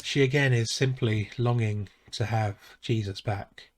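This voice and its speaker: A man preaching a sermon as a pastor, measured and solemn, pausing softly between phrases. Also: lowish voice. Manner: slow, measured and solemn, with soft pauses.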